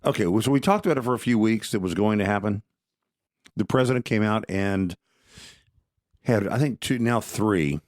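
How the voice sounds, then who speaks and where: A deep, low-pitched man chatting casually on a podcast. He is opinionated and conversational, and he often stops to restart a phrase. The sound is dry and close. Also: normal speed, pauses often, no room sound. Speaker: podcast co-host. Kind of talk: casual political talk.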